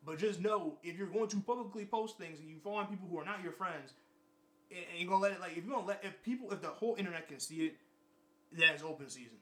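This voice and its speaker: A young male vlogger delivers a long, casual monologue in a high-pitched, fast, fairly bright voice. He rambles, repeats himself, and swears freely.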